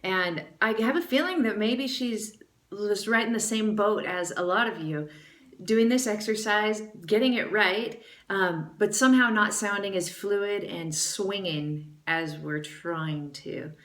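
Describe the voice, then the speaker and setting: Woman vocal coach, bright and forward tone, encouraging jazz scat teacher in a roomy space. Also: medium pitch, unhurried, distant mic. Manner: encouraging, demonstrates with sung scat syllables. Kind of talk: music lesson critique with scat singing demos.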